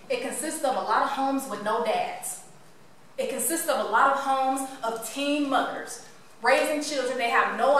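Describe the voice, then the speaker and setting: A woman tells her story to a live audience. She is animated and playful, and she keeps asking the crowd questions. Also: high voice, slight background noise. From Cleveland, Ohio. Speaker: motivational speaker. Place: room with an audience. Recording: echoey room from far off.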